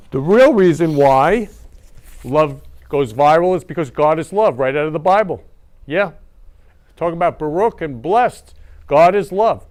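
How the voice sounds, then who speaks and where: Effusive man hosting, high and smooth. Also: darkish tone. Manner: effusive, repeats "I love you" over and over. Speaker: show host. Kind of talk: casual show monologue.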